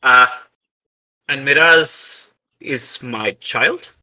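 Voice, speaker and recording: A man voicing a calm older man devoted to his family, in a tabletop role-play. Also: medium pitch, very slow, full character voice, poor audio.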